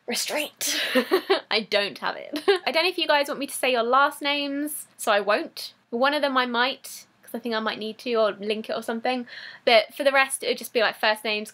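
Excitable woman, high and bright, casual unboxing vlogger who gushes and laughs. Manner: gushing, excitable, laughs often. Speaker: YouTuber opening fan mail.

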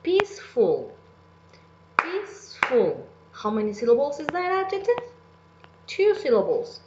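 Woman teacher, high voice, lively pitch, slow, clear, repeats words, echoey room. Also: lo-fi sound, very noisy. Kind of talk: recorded English lesson for children. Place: at home.

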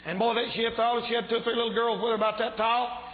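A man preaching a fervent revival sermon in a church, shouting at times, his voice a little strained. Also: very high voice, level tone, rapid-fire. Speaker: pastor. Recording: echoey church hall, tinny phone-like sound.

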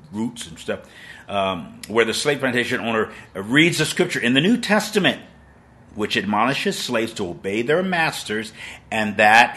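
Older male preacher in his 60s, live-stream sermon, low and forceful, emphatic and dramatic.

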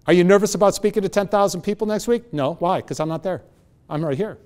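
Guy in his 60s giving a motivational talk, kinda high voice, acts out all the back-and-forth in his stories. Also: fast, smooth. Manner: animated storytelling, acting out both sides of dialogues. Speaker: motivational speaker.

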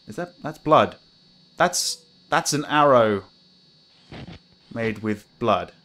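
A man's voice: mid-range voice, animated, takes it slowly, a bit bright. A man commentating a horror game as he plays, jumpy, swearing, laughing nervously. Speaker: gamer playing a horror game. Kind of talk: let's play commentary.

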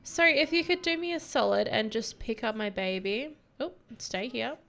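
A woman's voice: a little high, lively intonation, moderate pace, creaky, fairly bright tone. Giggly, gushing young woman gamer. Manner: gushing, giggly, easily moved. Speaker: gameplay commentator. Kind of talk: casual let's play commentary.

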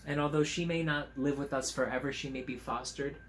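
A man, a teacher, reading a picture book aloud to children at home on camera, in a gentle, chatty way, stopping to point out the pictures. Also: medium pitch, fairly even intonation, fairly quick, a little hiss or hum.

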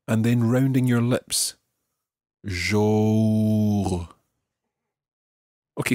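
A man's voice: lowish voice, a little mellow, slightly rough, no echo, clean studio sound. Patient Scottish man teaching pronunciation. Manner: patient, slow, careful modelling of pronunciation. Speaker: French teacher. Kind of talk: podcast language lesson.

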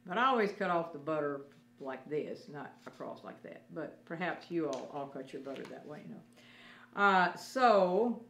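Woman Sunday school teacher, gentle and step-by-step, lowish voice, roomy echo. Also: lively intonation, unhurried. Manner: gentle, explains step by step, talks to children. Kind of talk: children's Bible lesson.

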